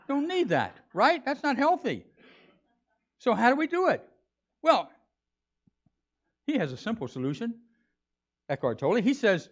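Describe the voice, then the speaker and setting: A man's voice: high voice, big pitch swings, moderate pace, long pauses, lo-fi sound. A man preaching a sermon as pastor, in a conversational, joking way.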